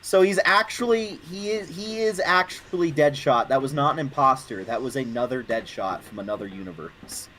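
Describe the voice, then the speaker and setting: A man's voice: mid-range voice, moderate pace, hardly any pauses, a little hiss or hum. A man hosting a gaming stream, chatting casually and laughing often, restarting his sentences. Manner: animated, laughing, many restarts. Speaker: stream host.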